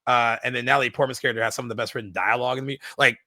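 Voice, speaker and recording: A man co-hosts a film podcast in easy conversation, his tone bright and forward. He keeps circling back with fillers and restarts as the thoughts come, and the sound is close and dry with no room around it. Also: medium pitch, fairly even intonation, racing, no echo. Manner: enthusiastic, many "like" fillers and restarts. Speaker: podcast co-host. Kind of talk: casual film discussion.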